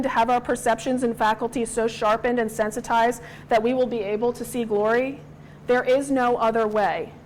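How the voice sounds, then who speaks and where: A woman's voice: a little high, slight background noise, low-quality recording. A woman in her thirties teaching a Bible study, earnest and personal, sometimes acting out the voices she quotes.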